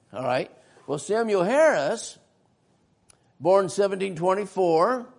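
A man with a high-pitched voice delivers a history lesson in sermon style inside a church. He is folksy and frequently puts questions to the congregation.

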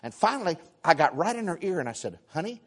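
A man delivering a sermon in a slightly high voice, swinging between loud acted-out exclamations and soft asides. He tells homely stories, stumbling over repeated words as he goes. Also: big pitch swings, fast talker. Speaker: preacher. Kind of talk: sermon storytelling.

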